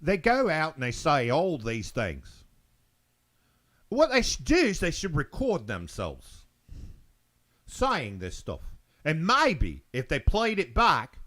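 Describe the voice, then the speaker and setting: A man's voice: high-pitched, huge pitch swings, takes it slowly, a bit bright, heavily acted. A man putting on a clumsy Australian accent to play a blunt male TV news pundit. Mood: scornful. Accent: put-on Australian.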